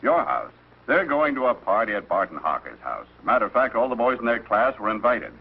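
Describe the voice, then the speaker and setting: An actor playing a brisk, dismissive health department official in a 1940s radio sitcom. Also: male voice, on the low side, big pitch swings, creaky, breathy edge, exaggerated voice. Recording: dull old radio broadcast with faint hiss.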